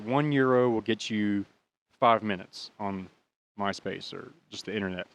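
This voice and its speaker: A man's voice: fairly low pitch, clear, resonant tone. An American man in his thirties casually telling a rambling, profane story and laughing at his own bad luck. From United States. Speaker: podcast host.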